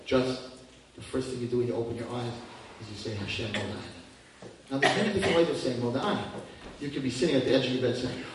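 A man in his fifties giving a lively religious talk, swinging from hushed tones to near-shouting. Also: medium pitch, fast, slight background noise. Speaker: religious teacher. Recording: echoey hall from far off.

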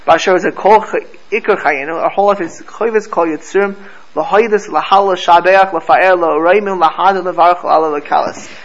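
A man with a high-pitched voice teaches a Torah class to a live group at a fairly quick pace, the audio sounding dull. He tells stories animatedly, mixing Hebrew and Yiddish terms into his English.

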